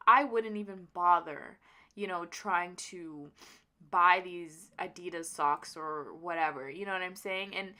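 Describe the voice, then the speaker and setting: Bright-voiced young woman vlogging a story. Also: medium pitch. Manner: casual, rambling, with many fillers and restarts. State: emotional, near tears. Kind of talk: personal storytelling vlog.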